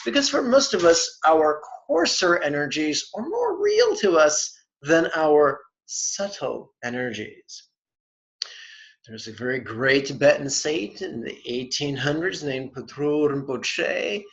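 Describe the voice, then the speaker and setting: A man teaching meditation in an online lesson, speaking deliberately and dropping in playful, wry asides. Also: a little high, fairly bright tone. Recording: dull lo-fi webinar audio.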